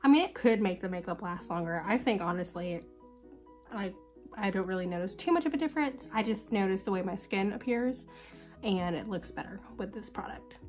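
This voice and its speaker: A woman's voice: medium pitch, animated, brisk, darkish tone, faint music behind. A young woman with a congested, sick voice chatting casually and upbeat through a makeup tutorial. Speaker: beauty vlogger.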